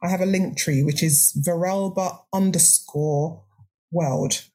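A woman's voice: on the low side, fairly even intonation, takes it slowly, mellow. An older woman speaking earnestly as a podcast guest, reflective and sometimes restarting her sentences. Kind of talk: podcast interview.

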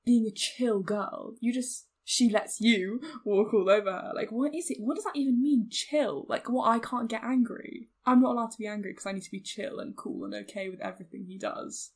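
A young woman talks in a casual podcast chat with a slightly high voice. She is animated and heated, and her words pick up speed when she gets annoyed. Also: moderate pace, hardly any pauses, husky. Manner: animated and heated, acts out quoted men mockingly. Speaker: podcast co-host.

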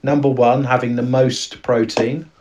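A man's voice: mid-range voice, level tone, unhurried, a little mellow, far from the mic. Male comedy podcaster, loose and jokey, mutters through his thinking. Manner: playful, sweary, jokey asides. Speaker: podcast co-host. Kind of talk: casual comedy chat.

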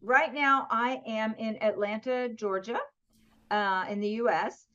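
A middle-aged woman from southwestern Pennsylvania, talking in a chatty, joking way and laughing often. Her voice sits fairly high. The video call audio is a little dull and lo-fi. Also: fairly even intonation, measured pace, fairly bright tone. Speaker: author and guest. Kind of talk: casual interview chat.

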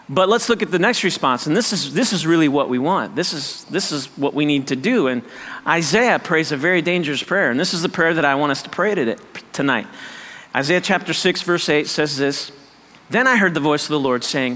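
A man preaching a sermon, lively and conversational, acting out people's excuses and laughing at himself. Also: a little high, brisk, in a large hall. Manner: animated, acts out voices of doubters, laughs often. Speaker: pastor.

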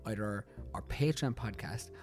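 A man's voice: on the low side, unhurried, a little mellow, soft background music. An Irish man co-hosting a casual podcast chat, playful and joking, often laughing. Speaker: podcast co-host.

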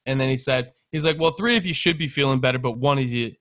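Young man, podcast co-host, animated storytelling, dry close sound. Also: medium pitch, quick pace, no echo. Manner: animated, swearing, laughing storyteller. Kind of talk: casual storytelling chat.

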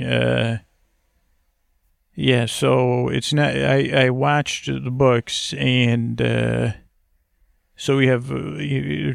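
A man with a gravelly, creaky voice improvises a bedtime story, rambling through one-sided conversations and restarting his sentences again and again. His delivery stays soft and low-key, recorded close and dry with no room sound. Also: dry recording.

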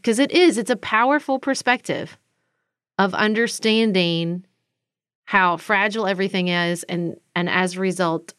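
A woman co-hosting a podcast, speaking slowly and earnestly in reflective chat. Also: mid-range voice, a bit bright, smooth, no room sound, studio quality. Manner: slow, earnest, thoughtful. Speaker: podcast co-host.

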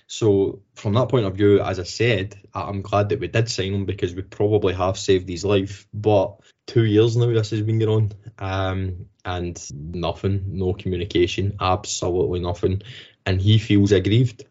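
A Scottish man co-hosts a football podcast, talking casually, swearing freely and restarting sentences to stress his points. His voice sits low and darkish with fairly even intonation at normal speed, on slightly dull lo-fi audio.

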